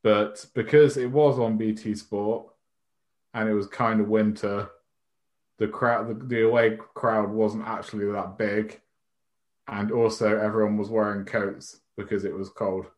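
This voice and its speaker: Low-voiced, self-mocking podcast co-host. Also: male voice, little pitch movement, unhurried. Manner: rambling, self-mocking, swears and laughs. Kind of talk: casual chat.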